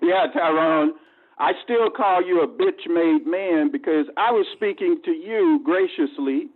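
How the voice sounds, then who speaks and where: Hostile male caller, high-pitched, on a phone line. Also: a little slow. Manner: confrontational, insulting, mocking. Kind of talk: heated call-in argument. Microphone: phone call.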